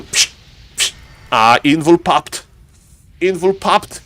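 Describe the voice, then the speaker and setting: Game caster, male, slightly high voice, animated with sudden squeals, dry close mic. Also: normal speed, dry recording. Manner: animated, laughing outbursts, sudden high-pitched yelps. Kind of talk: excited live game commentary.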